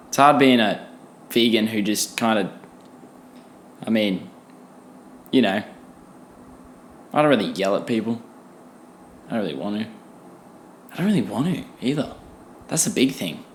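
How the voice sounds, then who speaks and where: A man's voice: medium pitch, reverberant. A young man hosting a solo podcast, ranting in a casual, profane, self-deprecating way. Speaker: podcast host. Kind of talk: solo comedic podcast rant.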